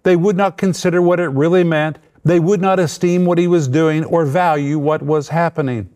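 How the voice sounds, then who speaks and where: A man teaching a sermon, explaining words with measured, emphatic delivery. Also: on the high side, steady tone, darkish tone. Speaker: Bible teacher.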